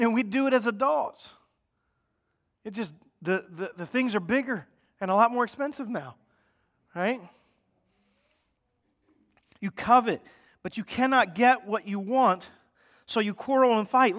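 A man with a high voice preaches in a conversational way, often pausing to check in with his listeners. He slips into mock voices to act out their everyday complaints. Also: fairly bright tone. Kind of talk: sermon.

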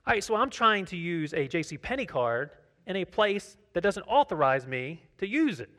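A man's voice: high-pitched, sing-song, moderate pace, fairly bright tone. A man preaching a sermon as pastor, conversational, often asking the congregation questions. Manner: tells personal anecdotes, acts out dialogue.

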